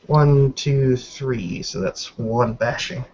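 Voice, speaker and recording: A man's voice: medium pitch, fairly even intonation, takes it slowly, a little mellow, a little hiss or hum. A man playing a tabletop role-playing game, counting his dice rolls aloud and swearing casually as he describes his character's moves. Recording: dull lo-fi recording.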